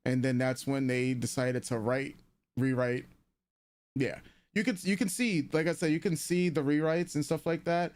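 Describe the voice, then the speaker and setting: Rambly man with a smooth voice. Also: a little high, steady tone, normal speed, darkish tone. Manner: rambling with many fillers and restarts. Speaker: co-host of anime commentary stream. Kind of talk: casual live commentary.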